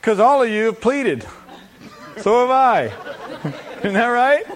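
A man's voice: extremely high pitch, sing-song, slow pace, a faint crowd. A man preaching a sermon, acting out prayers and quotes and laughing often as he teaches.

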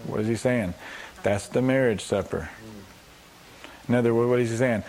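A man's voice: lowish voice, moderate pace, a little mellow, a little hiss or hum. A man preaching a sermon as a pastor. He poses rhetorical questions and answers them, acts out quoted voices and adds humorous asides.

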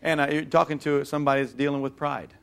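A man preaching a sermon in an animated way, acting out voices and calling on the congregation to respond. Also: on the high side, fast talker, smooth. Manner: animated, acts out mocking voices, calls for audience response.

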